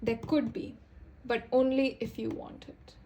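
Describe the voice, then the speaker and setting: A young woman doing a casual tarot reading, rambling and halting, often restarting her sentences. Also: a little high, level tone, mellow, muffled recording, slight background noise. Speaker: tarot reader.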